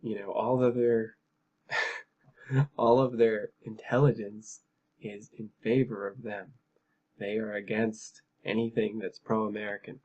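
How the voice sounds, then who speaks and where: A man's voice: lowish voice, flat delivery, slow, darkish tone, muffled recording. A man giving emphatic, heated commentary on a news article, with frequent fillers and repeated phrases. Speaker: political commentary vlogger.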